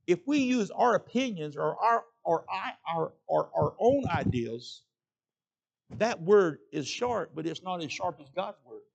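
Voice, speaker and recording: A man's voice: high-pitched, animated, unhurried, creaky, dull audio. A middle-aged man preaching a sermon, folksy and plain-spoken, often calling out "amen?" to the congregation. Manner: preaching with frequent call-outs of "amen?" to the congregation. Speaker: pastor.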